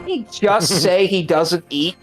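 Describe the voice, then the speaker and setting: Unhurried woman chatting on a game stream. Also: lowish voice, soft background music. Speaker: guest voicing characters on a game stream. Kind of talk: casual chat over gameplay.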